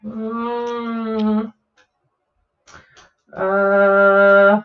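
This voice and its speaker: A woman's voice: mid-range voice, flat delivery, drawn-out words, soft background music. A woman running a tabletop game as game master, narrating unhurriedly with many fillers over an online call. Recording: roomy and dull, lo-fi.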